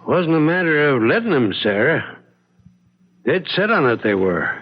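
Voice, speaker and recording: A stubborn backwoods old-timer. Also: male voice, fairly high pitch, big pitch swings. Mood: grumbling. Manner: folksy backwoods drawl, unhurried. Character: older rural man, evasive and stubborn. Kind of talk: radio drama acting. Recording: dull lo-fi radio recording.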